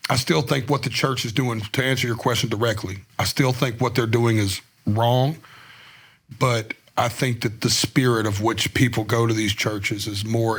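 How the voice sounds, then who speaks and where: A man's voice: mid-range voice, fairly bright tone. A man, a guest musician telling stories in a candid, rambling, slangy way full of "like" fillers, recorded on a studio microphone. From Tennessee, US. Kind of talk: casual storytelling interview. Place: podcast studio.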